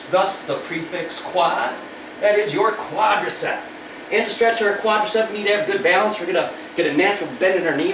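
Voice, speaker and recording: A male PE teacher leading stretches and counting aloud as he demonstrates the moves. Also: on the high side. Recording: echoey room from far off with noise.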